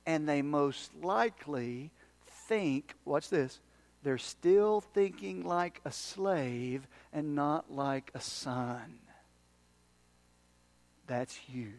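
Preacher, man, fairly high voice, dramatic sermon delivery with sudden hushed asides and shifting pace. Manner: dramatic swings from loud emphasis to hushed, near-whispered asides; speeds up and slows down for emphasis. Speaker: pastor.

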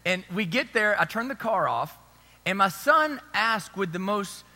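A man in his thirties preaches with a relaxed storytelling manner, often checking in with the crowd. His voice is high and very bright. It rings out in a church hall with a long reverb tail. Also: unhurried. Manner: storytelling, conversational, asks the crowd for agreement. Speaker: pastor. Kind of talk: sermon.

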